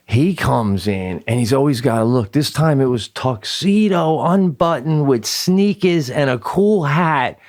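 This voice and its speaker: A man's voice: medium pitch, lively intonation, a little slow, few pauses, a little mellow, no echo, clean studio sound. A middle-aged man co-hosting a podcast, rambling in casual comedic chat, laughing often and swearing freely. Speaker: podcast co-host.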